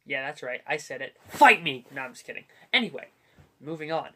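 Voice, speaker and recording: A man's voice: mid-range voice, steady tone, fast talker, sharp tone. A young man hosting a casual comic book movie review, joking and rambling with self-deprecating asides. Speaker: host.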